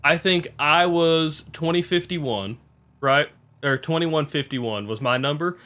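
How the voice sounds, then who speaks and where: A man's voice: measured pace, clean tone. Swearing, laughing young male streamer. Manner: animated, swearing, laughing often, breaking into high laughs. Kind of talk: casual storytelling to stream chat.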